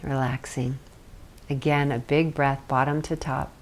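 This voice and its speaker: Low-voiced woman guiding a tapping session. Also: flat delivery, a little hiss or hum. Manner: slow, repeats phrases, laughs often. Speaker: tapping instructor.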